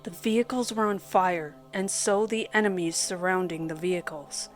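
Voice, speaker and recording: A woman narrating a first-person horror story in a dramatic, measured storytelling manner. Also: fairly low pitch. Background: soft background music.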